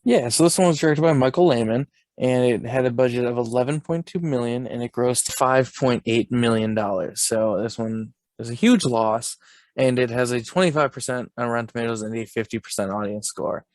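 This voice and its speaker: A young adult man co-hosting a podcast in a relaxed, rambling way, breaking into laughter as he retells scenes. His voice sits at an ordinary middle pitch. The recording is close and dry, with no room sound. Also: fairly quick, dry recording. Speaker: podcast co-host. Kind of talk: casual chat.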